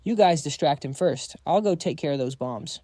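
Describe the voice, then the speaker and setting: A man's voice: a little high, expressive, moderate pace, warm tone, no echo, clean studio sound, close to an everyday voice. A man voicing a cool, confident young male hero in a comic recap.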